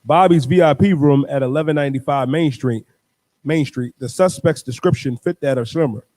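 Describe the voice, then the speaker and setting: A man reading a news article aloud as co-host, in a flat, halting way. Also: mid-range voice, no echo.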